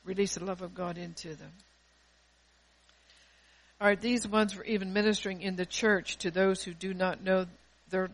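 Fervent woman preaching, loud then soft. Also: on the low side, rough recording. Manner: fervent preaching that swells loud and drops soft, with many restarts. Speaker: pastor. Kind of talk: sermon.

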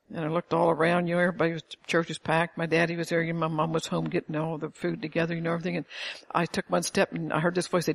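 A woman's voice: deep voice, monotone, fast talker, vocal fry. An older woman preaching an informal sermon to a small congregation, telling stories with emphasis and frequent chuckles. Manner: emphatic, storytelling, chuckles often.

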